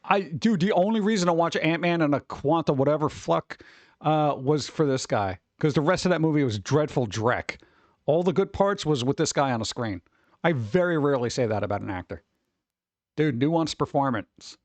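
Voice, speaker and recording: Wry, chatty man with a higher voice. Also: expressive, normal speed, no room sound. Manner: chatty, wry, full of asides and muttered reactions. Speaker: streamer host. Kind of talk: casual rambling commentary.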